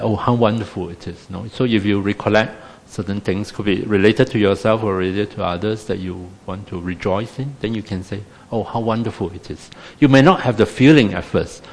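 A man's voice: lowish voice, long reverb tail. A man with a Singaporean English accent, teaching a meditation class in a wry, self-deprecating, chatty way full of tag questions.

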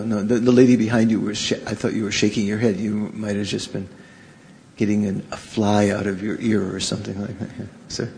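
A man teaching Buddhism to a live audience in a halting, conversational way, often stopping to question his listeners. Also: on the low side, vocal fry, darkish tone. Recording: reverberant hall, faint background noise.

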